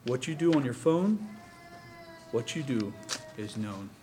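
A man preaching, reading a story aloud to a congregation in a calm, steady way. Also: medium pitch, measured pace, a little hiss or hum.

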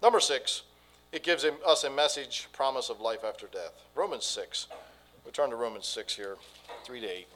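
A man preaching a sermon, swinging between quiet and loud delivery. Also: mid-range voice, normal speed, a little hiss or hum, poor audio. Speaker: pastor.

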